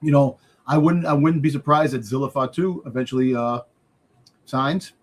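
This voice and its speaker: A man with a mid-range voice co-hosts a wrestling podcast at a normal speed. He talks casually and rambles, full of fillers and restarts.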